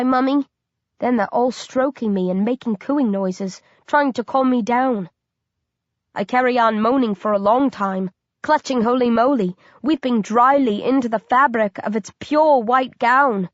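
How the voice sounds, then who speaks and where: Brief: intense woman audiobook narrator, fairly high voice, dry and slightly muffled recording. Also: moderate pace, dry recording. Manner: dramatic and intense. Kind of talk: first-person horror audiobook narration.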